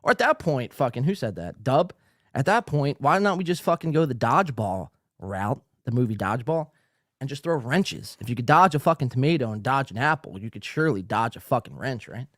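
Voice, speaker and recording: A man's voice: mid-range voice, animated, a little fast, dry recording, studio quality. A man hosting a live podcast, talking profanely and loosely while reading out viewer comments. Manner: loud, profane, hyped yelling. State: out of breath. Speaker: podcast host. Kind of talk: live-streamed podcast talk. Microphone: studio mic.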